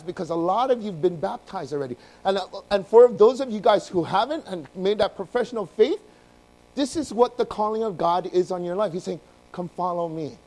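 A man preaching a sermon to his congregation, telling the story in an animated way and acting out the voices. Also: high voice, poor audio. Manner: addresses congregation directly. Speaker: pastor.

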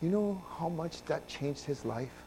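A man preaching a sermon, moving from quiet, low passages to loud, emphatic ones and asking his listeners questions. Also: expressive, unhurried, slight background noise. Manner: swings from soft and low to loud and emphatic, asks the congregation questions. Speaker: pastor.

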